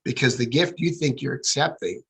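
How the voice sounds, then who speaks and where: Husky man telling a story animatedly. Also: mid-range voice, brisk, low-quality recording. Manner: animated, acts out quoted dialogue. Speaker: guest. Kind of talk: storytelling interview.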